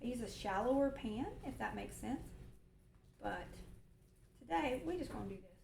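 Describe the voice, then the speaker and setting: A woman's voice: fairly high pitch, lively intonation, moderate pace, gravelly, a little mellow, roomy sound, a little hiss or hum. A woman, hosting a casual cooking livestream from her home kitchen and talking in a long-winded, folksy way. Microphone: mic set on the counter.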